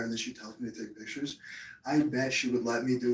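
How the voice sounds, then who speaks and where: A man's voice: mid-range voice, fairly quick, distant mic. Young male streamer, crude and boastful, rambling, echoey room, off mic. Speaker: live streamer. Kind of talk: casual livestream chat. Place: room at home.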